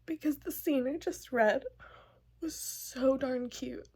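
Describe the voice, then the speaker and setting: A woman's voice: high voice, slow pace, mellow, breathy edge. Gushing young woman book vlogger. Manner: gushing, emotional, lots of "like" fillers. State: tearful, crying happy tears. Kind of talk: casual vlog chat.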